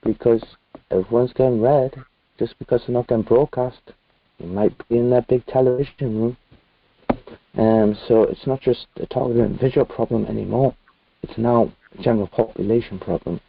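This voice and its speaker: A man's voice: mid-range voice, fairly even intonation, normal speed, creaky. A British man from the UK, a guest talking in a casual video-call chat, earnest and rambling with many fillers. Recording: tinny phone-like dry call audio.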